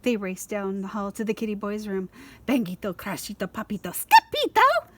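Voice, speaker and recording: Lively woman reading a picture book. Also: medium pitch, normal speed. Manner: lively, expressive storytelling. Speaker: school librarian. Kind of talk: children's picture-book read-aloud.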